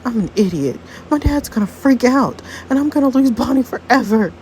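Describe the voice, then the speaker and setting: A woman's voice: fairly high pitch, expressive, normal speed, a little mellow, a little hiss or hum, pitched above the performer's own voice, lightly acted, rough recording. A woman voicing a teenage boy who is anxious and blames himself over becoming a father. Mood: distraught. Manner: distressed, self-blaming.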